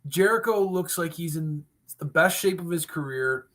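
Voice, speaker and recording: A man's voice: fairly high pitch, animated, moderate pace, a bit bright. A man co-hosting a wrestling recap show in casual chat, talking enthusiastically and rambling with frequent restarts.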